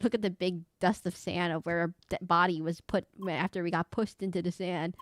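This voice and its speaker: A woman's voice: lowish voice, steady tone, fairly quick, no room sound. A young woman, a VTuber streamer, chatting through live gameplay commentary and exclaiming as she reads game dialogue aloud.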